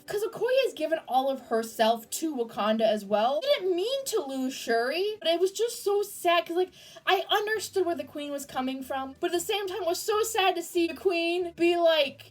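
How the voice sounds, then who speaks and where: A young woman with a high voice reviews a film in a casual, gushing way. She talks excitedly and fills her sentences with "like". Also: moderate pace. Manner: gushing, excitable, lots of fillers. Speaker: movie reviewer.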